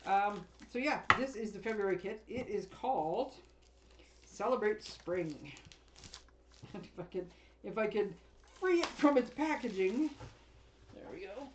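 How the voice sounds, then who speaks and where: A woman's voice: mid-range voice, unhurried, pauses often, noisy background. Chatty woman unboxing a craft kit. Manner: chatty, rambling, laughs often. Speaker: craft demonstrator. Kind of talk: casual unboxing chat.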